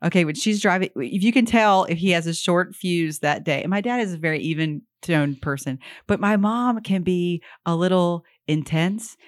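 A woman co-hosting a podcast in casual chat, making deadpan jokes and telling stories in an animated way. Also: fairly low pitch, normal speed, hardly any pauses, dry recording, clean studio sound. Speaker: podcast co-host.

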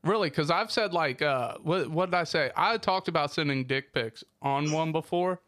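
A man hosting a podcast, joking and excitedly pushing the guest for stories. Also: a little high, moderate pace. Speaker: podcast host. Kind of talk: casual chat.

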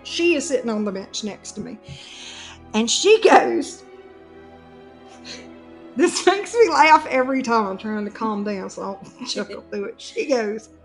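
A woman, telling a comic story on a podcast in a casual, animated way and laughing as she goes. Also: a little high, measured pace, pauses often, faint music behind. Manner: animated, laughs through her own story. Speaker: podcast co-host.

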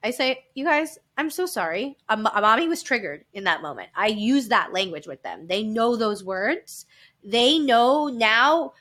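A woman's voice: a little high, expressive, a little slow, sharp tone. A woman in her thirties, a podcast guest, talking openly and with animation, often laughing. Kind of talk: candid personal storytelling.

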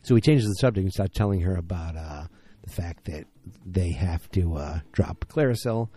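A man's voice: low voice, expressive, moderate pace, mellow, husky. A tired man hosting a podcast late at night, rambling through a casual episode recap and correcting himself as he goes. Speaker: podcast host.

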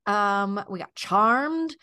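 A woman co-hosting a casual podcast, chatting loosely with lots of fillers and quick asides. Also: medium pitch, expressive, pushed and bright, clean tone. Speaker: podcast co-host. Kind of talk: casual chat.

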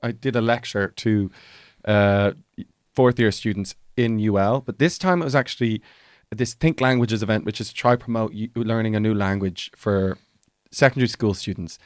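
A young Irish man co-hosting a casual podcast chat, telling stories and acting out exchanges in bright high voices. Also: moderate pace, no room sound, clean studio sound. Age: young adult. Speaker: podcast co-host.

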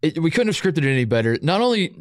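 A man's voice: a little high, sing-song, very fast, no room sound. Man co-host, playful storyteller, dry close mic, casual sports talk. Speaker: podcast co-host.

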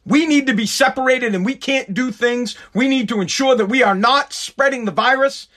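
Man, very high voice, angry, sarcastic, swearing rant. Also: moderate pace, fairly bright tone. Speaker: commentator. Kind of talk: profane ranting commentary.

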